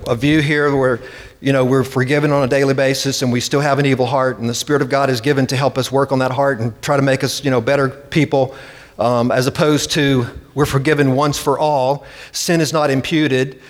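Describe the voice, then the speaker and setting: A man's voice: mid-range voice, fairly even intonation, moderate pace. A man preaching a sermon with emphatic delivery, acting out the voices he quotes. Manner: emphatic, dramatic quoting. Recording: long reverb hall.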